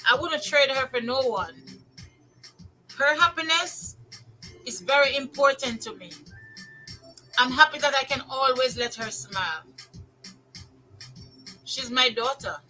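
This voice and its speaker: An older woman with a Jamaican accent, telling stories in a casual monologue, lively, repeating phrases for emphasis and slipping into patois. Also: sits high, unhurried, long pauses, faint music behind, poor audio. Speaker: vlogger.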